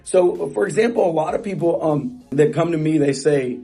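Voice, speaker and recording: A man's voice: on the high side, animated, moderate pace, gravelly, warm tone, faint music behind. A middle-aged man coaching real estate agents in a motivational talk, emphatic and repetitive, often restarting phrases.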